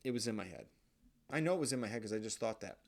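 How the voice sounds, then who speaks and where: A man's voice: on the low side, lively intonation, fast, gravelly. A young man, host of his own show, telling candid stories in a rambling, profane, casual monologue. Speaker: podcast host.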